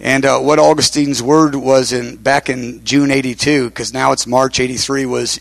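An older man preaches by telling a long personal story, loose and conversational. He circles back, repeats phrases and fills pauses with "uh". His voice sits in a middle pitch and sounds dry and close, with little room around it. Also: flat delivery, creaky, dry recording. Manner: conversational, repeats himself, many fillers. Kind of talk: sermon storytelling.

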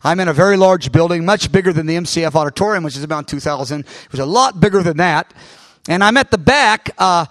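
High-pitched guy preaching, telling a dream story all animated, dry close sound. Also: fast, dry recording. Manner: animated retelling with many restarts and sound words. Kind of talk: sermon storytelling.

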